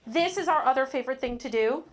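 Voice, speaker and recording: High lively wry woman giving a workshop. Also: fast. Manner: wry, joking, animated delivery. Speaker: workshop speaker. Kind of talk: live workshop talk. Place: warm indoor meeting room. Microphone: handheld mic.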